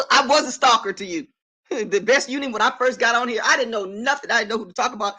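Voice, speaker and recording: A woman's voice: on the high side, quick pace, sharp tone, husky. A middle-aged woman on a casual live stream from her apartment, talking emphatically and affirming herself while greeting viewers by name.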